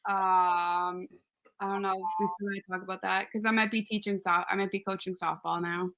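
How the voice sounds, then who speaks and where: A woman's voice: mid-range voice, level tone, normal speed, a bit bright. A woman co-hosting a live podcast, giving short, defensive replies in casual banter. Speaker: podcast co-host.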